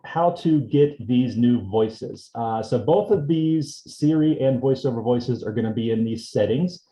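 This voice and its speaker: Guy teaching a tech class, laid back, mellow voice, echoey room. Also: mid-range voice, measured pace. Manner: relaxed, explains step by step. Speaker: assistive technology instructor. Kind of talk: instructional demonstration. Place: indoor seminar room. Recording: roomy echo.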